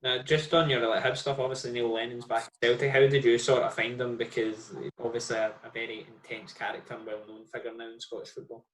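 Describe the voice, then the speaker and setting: Podcast host in an echoey room. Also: male voice, medium pitch, little pitch movement, quick pace, few pauses, fairly bright tone. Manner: loose, hedging questions with "sort of" and "obviously". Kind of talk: interview questions. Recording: echoey room with faint noise.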